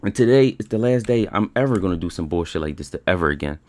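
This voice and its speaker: Deep-voiced young man venting, dry sound. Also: animated, quick pace, a little mellow, no room sound. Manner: swears constantly, repeats himself, rambling. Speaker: day trader recapping his session. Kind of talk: frustrated screen-share rant.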